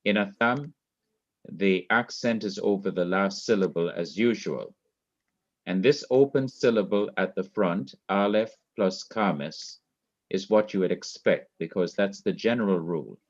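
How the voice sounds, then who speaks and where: A man teaching a Hebrew grammar class, explaining slowly and repeating key points. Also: low voice, muffled recording. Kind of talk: online classroom lecture. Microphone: laptop mic.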